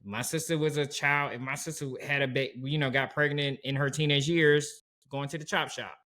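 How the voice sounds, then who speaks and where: A man's voice: on the high side, steady tone, moderate pace, pushed and bright. A man co-hosting a podcast who speaks expressively and questions what he has seen. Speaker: podcast co-host. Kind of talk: casual recap chat.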